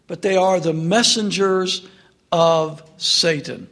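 A man delivers a sermon in a high voice at a slow, deliberate pace. He tells the story dramatically, sinking to hushed tones in sorrowful passages and rising to press his listeners for answers. His delivery is that of a pastor.

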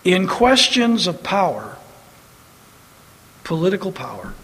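A high-voiced man preaches with fiery emphasis, hammering repeated phrases and quoting scripture. His voice rings with a long reverb, as if in a big hall. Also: expressive, a little slow, a bit bright. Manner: preaching with rising emphatic bursts and scripture quotes. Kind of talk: sermon.

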